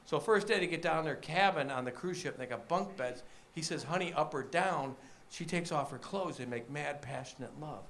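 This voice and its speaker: A man's voice: a little high, moderate pace, a bit bright. A man doing a stand-up comedy set on a club stage, chatting with the crowd between punchlines. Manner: joke-telling with punchlines, chatty asides to the crowd.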